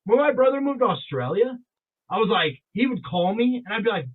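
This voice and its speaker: A man co-hosts a casual, boozy podcast, cursing freely and laughing a lot. His voice sits high. The audio is thin and tinny, like a phone line. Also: big pitch swings, brisk. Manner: loud, profane, laughing, slips into mock accents. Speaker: podcast co-host. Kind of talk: casual drunk podcast banter.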